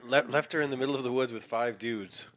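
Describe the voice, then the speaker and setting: A man's voice: medium pitch, fast talker, fairly bright tone. A man hosting a casual chat, cutting in with short questions and dry remarks. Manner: short interjections, dry asides.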